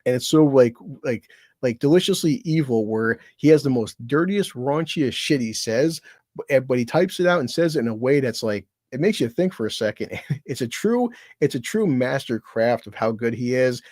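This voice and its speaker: A man chats loosely on his livestream, rambling from one friend to the next and swearing freely. His voice sits at an everyday middle pitch. The sound is dry, with almost no room around it. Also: animated, normal speed, darkish tone, no echo. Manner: rambling, profane, self-deprecating; laughs between remarks. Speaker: streamer thanking fellow creators. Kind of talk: casual livestream chat.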